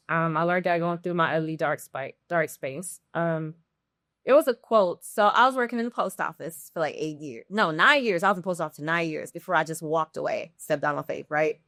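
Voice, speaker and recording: A woman guest on a casual podcast conversation, telling her story in an animated way, full of fillers and asides. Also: fairly low pitch, brisk, no echo, clean studio sound.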